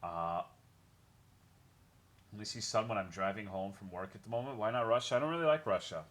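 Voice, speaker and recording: A man's voice: lowish voice, a little fast, a bit bright. A young man streaming a game, chatting casually with his viewers in a rambling way, swearing often and greeting chat by name.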